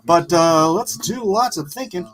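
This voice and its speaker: A man's voice: high-pitched, measured pace, fairly bright tone. A man hosting a casual art livestream, chatting loosely and laughing easily while he eats. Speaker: livestream host.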